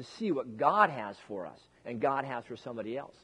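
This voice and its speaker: A man's voice: medium pitch, big pitch swings, brisk, a bit bright, husky, big-room sound. A male pastor preaching a casual, joking sermon, talking conversationally with frequent restarts.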